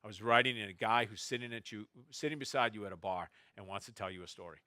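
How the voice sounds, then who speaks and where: A novelist from Boston, USA, tells stories to an audience on a festival stage, animated and wry, restarting his anecdotes as he goes. His fairly low voice has a forceful, bright tone and he talks fast, in a dry, close-sounding recording.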